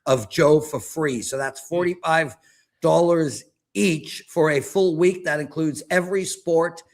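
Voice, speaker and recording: A man in his fifties, a sports betting handicapper in casual panel chat, ranting in an animated, self-mocking way. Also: a little high, a little slow. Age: 50s.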